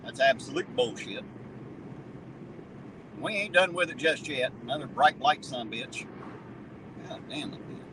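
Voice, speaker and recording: A channel host and auditor drives along chatting casually, mocking freely and laughing and swearing often. His medium-pitched voice has lively intonation, a slightly slow pace and frequent pauses, set against loud road noise inside the car.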